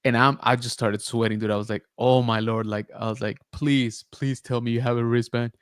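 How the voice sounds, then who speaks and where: Man podcast host, mid pitch, loose storytelling, dead dry close mic. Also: a little fast, clean tone, dry recording. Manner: animated retelling, many filler likes and rights. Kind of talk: casual storytelling chat.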